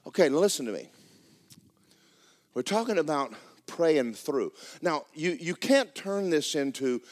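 A man preaching a sermon, swinging from loud, excited storytelling to low, hushed tones. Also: unhurried. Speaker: pastor. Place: church sanctuary.

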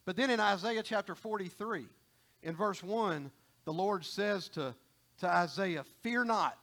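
Man preaching, high voice, folksy, repeats himself, middle-aged. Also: a little slow, a bit bright. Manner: conversational, folksy, repeats and restarts phrases. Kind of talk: sermon.

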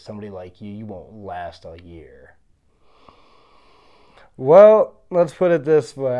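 Man, mellow smooth voice, casual storytelling, acts out others' lines. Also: medium pitch, highs cut off. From Pennsylvania. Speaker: professional fighter.

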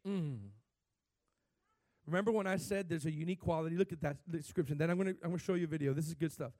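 A male pastor with a high voice preaches a sermon in an animated way. His voice swells suddenly in pitch and loudness. The recording is dry and close. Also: fast, dry recording.

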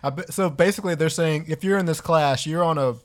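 A man's voice: fairly high pitch, quick pace. A man in casual podcast chat, reacting with disbelief, swearing and laughing often.

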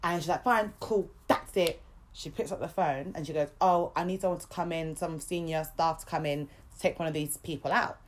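A young woman, co-hosting a podcast and telling a story in a casual, animated way, swearing freely and acting out other people's lines. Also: low-pitched, fairly quick, hardly any pauses. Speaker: podcast co-host.

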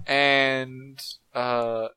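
A man's voice: medium pitch, sharp tone, clear, resonant tone, no room sound. A young man co-hosting a podcast, telling crude stories in rambling casual chat with frequent laughs. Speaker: podcast co-host.

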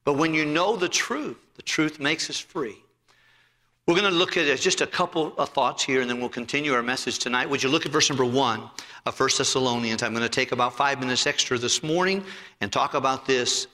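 A man preaching to his congregation in a sermon, with a forceful, cutting tone. He swings from loud emphatic lines to soft, intimate asides, and tells stories along the way. His voice rings out with a long reverb in a large sanctuary. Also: medium pitch, a little fast. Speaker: pastor. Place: church sanctuary.

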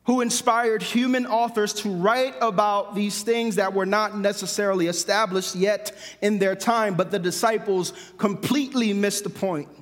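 Emphatic high-voiced male preacher. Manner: emphatic, repeats phrases for stress. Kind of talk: sermon. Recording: long hall reverb.

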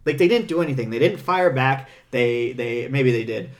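A man co-hosting a podcast in casual chat, halting and restarting with dry sarcasm. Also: mid-range voice, expressive. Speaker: podcast co-host.

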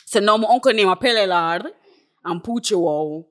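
A woman, co-hosting a casual podcast chat, tipsy and telling lively stories in patois. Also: medium pitch, moderate pace. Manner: animated storyteller who slips into patois. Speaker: podcast co-host.

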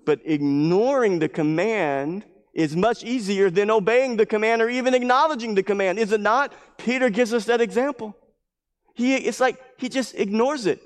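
A man preaching from the pulpit in a rather high voice. He drives his points home with repeated lines and a rising fervor. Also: lively intonation, moderate pace, big-room sound. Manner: emphatic and repetitive, building in fervor. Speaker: pastor. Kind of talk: sermon. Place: church service.

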